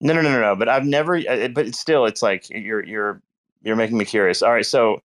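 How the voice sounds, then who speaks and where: A man's voice: on the low side, a little fast, fairly bright tone. A married man co-hosting a casual chat, rambling with many restarts and fillers. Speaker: co-host.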